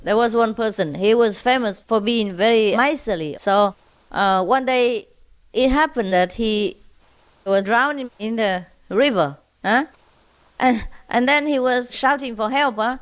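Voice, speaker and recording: A woman tells jokes to a group at a slow, easy pace, chuckling as she goes. Her voice sits a little high, and she often checks with her listeners before moving on. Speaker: speaker telling jokes to an audience. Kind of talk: casual storytelling.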